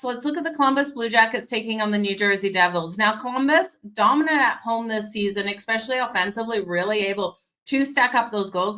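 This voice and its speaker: Bright woman doing daily hockey betting picks, bit hoarse, chatty and upbeat, talks right to the viewers. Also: medium pitch. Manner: energetic, conversational, addresses viewers directly. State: hoarse, losing her voice. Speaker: sports betting show host.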